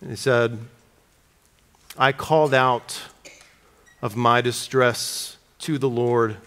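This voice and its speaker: A man preaching an expository sermon, reading scripture aloud with slowed dramatic emphasis. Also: mid-range voice, steady tone, a bit bright.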